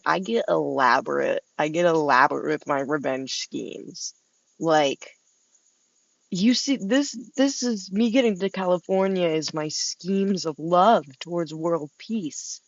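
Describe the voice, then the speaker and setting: Gravelly, rambling vlogger with dull phone audio. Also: medium pitch, measured pace, no room sound. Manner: chatty, meandering, laughs between thoughts. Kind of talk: rambling casual monologue to camera. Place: outdoors, about to go inside.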